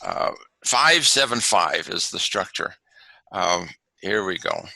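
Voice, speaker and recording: A man gives a lesson from slides over a video call, talking in halting bursts full of fillers. His voice is gravelly and bright with a lot of movement in the pitch, and the sound is dry and close. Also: big pitch swings, no echo, poor audio. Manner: halting, many fillers and restarts. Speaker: webinar presenter on haiku.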